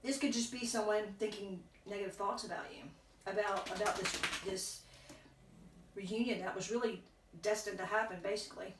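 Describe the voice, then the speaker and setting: A woman's voice: mid-range voice, fairly even intonation, normal speed, noisy background. A woman giving a casual tarot reading, rambling and correcting herself as she thinks aloud while chewing gum. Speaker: tarot reader. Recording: echoey room, distant from mic.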